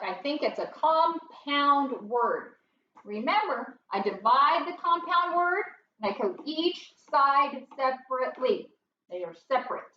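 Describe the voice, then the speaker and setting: A middle-aged woman teaches first grade phonics, spelling out each step in a patient, unhurried way. Her voice sits high, and she sounds distant, with room echo and a dull tone. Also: pushed and bright, a little hiss or hum. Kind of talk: phonics lesson. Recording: roomy, distant, dull home recording.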